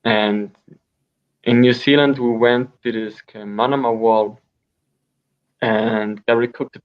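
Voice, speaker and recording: Gravelly man telling wild stories. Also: medium pitch, normal speed, long pauses. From Austria. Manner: rambling, animated storyteller with frequent restarts. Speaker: guest. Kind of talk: storytelling in an interview. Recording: dull lo-fi sound.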